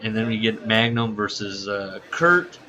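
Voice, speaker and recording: Low-voiced man recapping with a bright edge. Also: unhurried. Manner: animated storyteller who laughs at his own retelling. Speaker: podcast co-host recapping wrestling shows. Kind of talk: casual podcast chat. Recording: dull, slightly lo-fi podcast audio.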